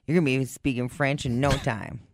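A man's voice: mid-range voice, steady tone, brisk, no room sound. A man co-hosting a casual talk show, throwing in dry wisecracks. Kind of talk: casual banter.

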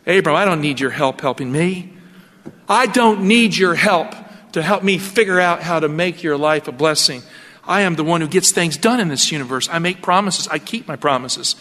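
A preacher voicing an almighty God who speaks in an assured, emphatic, declaring way. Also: male voice, on the high side, normal speed, sharp tone, long reverb tail. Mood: commanding.

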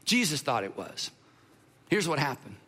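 A man preaching a sermon, his voice sitting high and ringing bright. He talks to the audience in a lively, conversational way, with quick asides and direct questions. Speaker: pastor.

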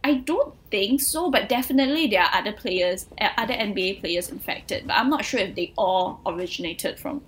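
A woman's voice: medium pitch, expressive, brisk, few pauses, slight background noise, rough recording. A young woman, co-hosting a casual pop culture podcast and talking in a chatty way with many fillers. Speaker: podcast co-host.

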